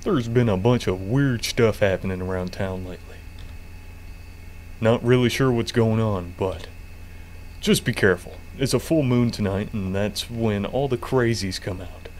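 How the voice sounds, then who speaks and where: A man voicing a gruff male customer who gives a warning, while playing a game. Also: on the low side, unhurried, a little mellow, a little hiss or hum, close to an everyday voice. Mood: ominous. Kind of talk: game commentary.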